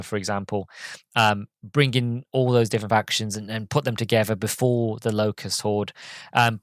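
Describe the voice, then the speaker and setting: A man's voice: fairly low pitch, no echo. Earnest man hosting a solo podcast. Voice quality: halting, many ums and restarts, emotional and earnest. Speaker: podcast host. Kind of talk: casual solo podcast talk.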